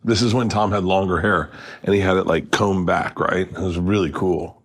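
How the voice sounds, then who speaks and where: A man in his fifties hosting a podcast, telling a funny story in a casual, animated way, often laughing and acting out other people's lines. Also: moderate pace. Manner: animated storyteller, acts out quotes with big pitch jumps, laughs often. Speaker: podcast host.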